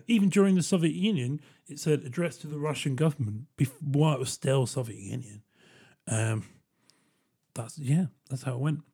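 A man's voice: mid-range voice, darkish tone, breathy edge. A man hosting a solo podcast, talking in a casual, joking, rambling way and often checking in with "right?". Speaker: podcast host.

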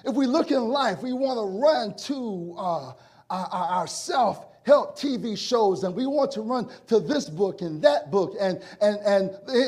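Preacher guy, husky and kinda high, tells a story then gets loud and fired up. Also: animated, a little slow. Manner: storytelling, building to shouted preaching. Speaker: pastor. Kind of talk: sermon.

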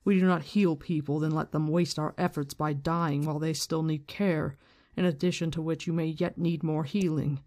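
A reader voicing a calm, commanding woman leader. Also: medium pitch, normal speed, natural voice. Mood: stern.

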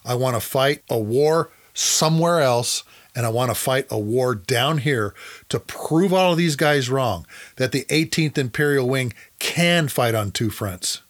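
A man's voice: medium pitch, unhurried, close to an everyday voice. A man quoting his blunt wing commander in a curt, commanding tone while telling his story. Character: blunt male wing commander giving orders.

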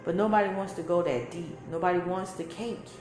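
A woman's voice: fairly low pitch, steady tone, brisk, a little mellow. A woman, giving an emphatic, preachy spiritual talk full of repeated phrases. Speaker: spiritual teacher. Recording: echoey room with faint music.

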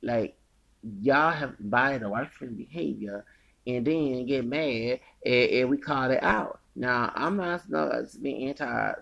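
A man ranting on his podcast, rambling and profane, repeating himself and swinging from loud outbursts to quiet mumbling. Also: medium pitch, a little slow, vocal fry, dull audio. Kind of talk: angry unscripted rant.

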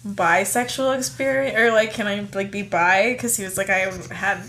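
A woman with a bright, crisp voice chats casually as a podcast co-host. She talks loosely, leaning on fillers and breaking into laughs. A faint hiss sits under the recording. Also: mid-range voice, moderate pace. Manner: chatty, laughs often, many fillers. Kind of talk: casual chat.

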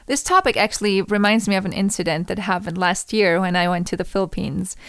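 A young woman from Austria, a native German speaker, hosting a solo podcast in a reflective, gently chatty way. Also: mid-range voice, fairly quick, clean tone, soft background music. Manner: reflective, gently chatty, laughs between thoughts. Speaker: podcast host.

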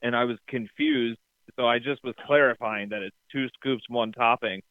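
A man's voice: medium pitch, normal speed, no room sound. A man co-hosting a casual podcast, telling an exasperated, profane story. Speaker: podcast co-host. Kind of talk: casual chat. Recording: dry tinny phone-like sound.

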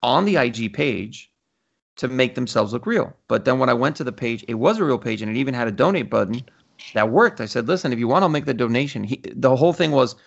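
Animated and fast, this man's gravelly mid-range voice comes through with the highs cut off as he hosts a casual podcast. Swearing comes easily, and he performs the quoted conversations he recounts.

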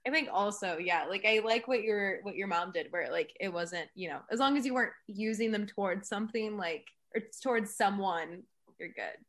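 A woman's voice: medium pitch, moderate pace, hardly any pauses, fairly bright tone. A young woman co-hosting a podcast, telling a funny story in casual chat, laughing often and filling her talk with "like". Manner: giggly storyteller, many fillers. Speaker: podcast co-host.

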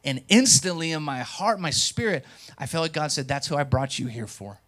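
A young man preaches from the pulpit in a storytelling sermon. His voice sits on the higher side, and he plays out the voices in his story. He drops to near-mutters and then bursts into loud, excited peaks. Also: moderate pace. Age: young adult. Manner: animated, acts out dialogue, swings from quiet to loud. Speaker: pastor.

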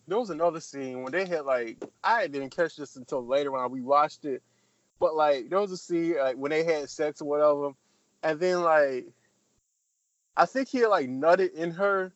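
A man's voice: a little high, unhurried, pauses often. Rambling profane man recapping a movie. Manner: rambling, profane, acts out scenes in voices. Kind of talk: casual film-review chat. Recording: dull lo-fi recording.

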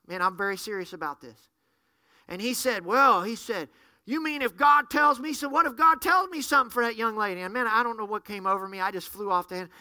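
A middle-aged man, a pastor, preaching a sermon and telling stories with lively acted-out dialogue. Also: high-pitched, clean tone, no room sound. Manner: animated storyteller, acts out dialogue. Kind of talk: sermon storytelling.

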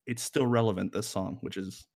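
Man, low voice, casual music chat, rambling, filler-heavy, wry. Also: fairly even intonation, normal speed, creaky, darkish tone. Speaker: music podcast co-host.

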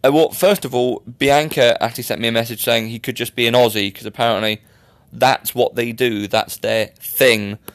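A young man talks his way through a casual solo podcast, rambling and poking fun at himself. His voice sits at an ordinary middle pitch. The sound is close and dry. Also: fairly even intonation, normal speed, no echo. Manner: chatty and rambling, self-mocking. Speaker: podcast host.

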